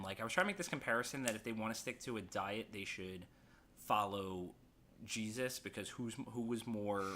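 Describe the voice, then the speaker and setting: A man's voice: fairly low pitch, bright, forceful tone, slight background noise. A man, co-hosting a podcast in casual chat, telling rambling stories full of swearing. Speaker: podcast co-host.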